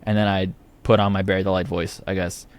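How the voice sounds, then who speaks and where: A young Canadian man with an Ontario accent, a guest singer chatting casually in an interview, relaxed and rambling, laughing often. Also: deep voice, fast talker, smooth. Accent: Ontario English.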